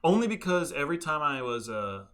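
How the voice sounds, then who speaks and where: A man's voice: a little high, fairly quick. Casual young man chatting about games. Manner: animated, swearing, reminiscing about games. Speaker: podcast co-host. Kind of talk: casual chat.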